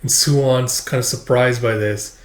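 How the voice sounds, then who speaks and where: A man's voice: mid-range voice, fairly even intonation, normal speed. A man casually walking through a manga chapter, rambling with lots of "uh" and "it's like". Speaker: manga reviewer. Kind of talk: casual read-through with voices. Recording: roomy echo.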